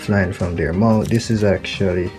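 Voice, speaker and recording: A tech channel host with a low, fairly even, slightly mellow voice speaks at a normal speed in a casual unboxing vlog. He talks loosely, leaning on "actually" and "like." The audio is raw and unedited, captured on a USB desktop mic close to his mouth, with faint music behind him.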